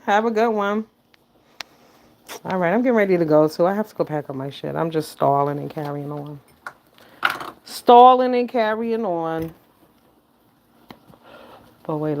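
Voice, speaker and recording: A woman around fifty chatting casually with her livestream viewers, swinging between loud exclamations and low mutters. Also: normal speed, vocal fry, slight background noise. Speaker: livestream host.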